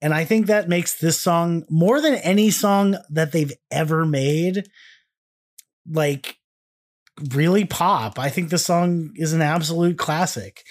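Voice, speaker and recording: A man's voice: on the high side, slow. Goofy rambling man co-hosting a podcast. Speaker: podcast co-host. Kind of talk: casual podcast chat.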